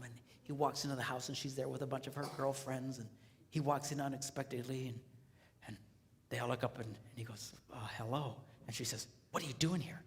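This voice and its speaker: A man giving a live relationship seminar, swinging between hushed whispers and shouts. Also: medium pitch, steady tone, fairly quick. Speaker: seminar speaker. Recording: echoey hall.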